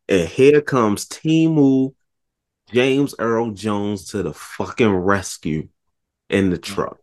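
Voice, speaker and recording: A man chatting casually about a movie, retelling scenes with animated voices and lots of swearing. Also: fairly low pitch, slow pace. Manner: animated storytelling, acts out scenes, swears a lot. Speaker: podcast co-host.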